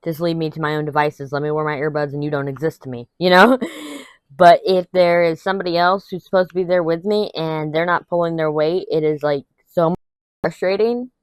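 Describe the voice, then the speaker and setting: A woman's voice: deep voice, steady tone, fairly quick, smooth, no echo. A young adult woman chatting candidly to her viewers while crafting, rambling and venting with some laughs. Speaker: vlogger. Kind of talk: casual chat to camera while crafting.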